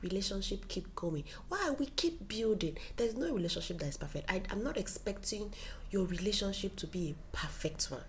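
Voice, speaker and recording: A woman giving casual relationship advice to camera. She acts out quoted dialogue and drops into soft whispers for emphasis. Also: mid-range voice, lively intonation, moderate pace, slight background noise.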